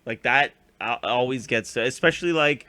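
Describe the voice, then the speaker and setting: A man's voice: medium pitch, moderate pace, pushed and bright. A young man co-hosting a casual recap chat, rambling with lots of fillers and acting out scenes. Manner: rambling, filler-heavy, acts out scenes in funny voices. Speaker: podcast co-host.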